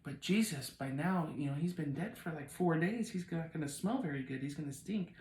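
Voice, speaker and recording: A man's voice: mid-range voice, fairly quick, echoey room, lightly acted, poor audio. A man voicing Martha, upset and pleading. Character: upset grieving woman Martha.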